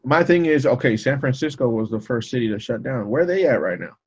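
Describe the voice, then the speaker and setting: A man's voice: medium pitch, quick pace, slightly rough. A man in casual chat who talks in slang and fills with "you know". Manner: animated, slangy, says "you know" often. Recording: dull lo-fi mic.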